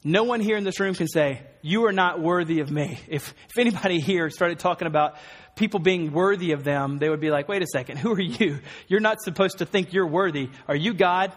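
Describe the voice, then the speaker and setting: A man's voice: sits high, fairly quick, in a large hall. A man preaching a sermon, earnest and emphatic, with some wry asides. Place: church hall.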